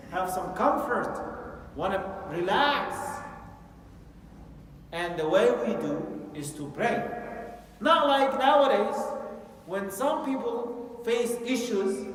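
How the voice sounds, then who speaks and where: A man's voice: extremely high pitch, a bit bright. A man giving a Friday sermon in a mosque, telling a story with Arabic phrases and emphatic rising peaks. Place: mosque prayer hall. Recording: echoey hall, distant mic, faint noise.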